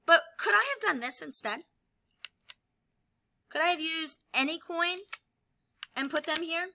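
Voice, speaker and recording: A woman teacher explaining a lesson while she demonstrates with objects, upbeat and clear. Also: very high voice, expressive, a little slow, bright, forceful tone. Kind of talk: classroom video lesson.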